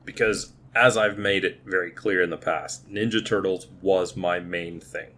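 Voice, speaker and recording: A man's voice: deep voice, fairly even intonation, normal speed, bright, forceful tone. A man in his thirties co-hosting a podcast, chatting casually and restarting his words as he thinks. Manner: talkative, repeats words while thinking. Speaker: podcast co-host. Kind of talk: casual movie review chat.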